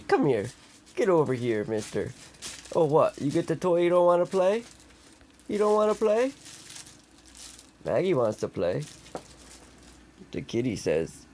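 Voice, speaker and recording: A man at home cooing sing-song baby talk to his pets, his voice swooping high. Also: very animated, unhurried, long pauses, darkish tone, slight background noise. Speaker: pet owner.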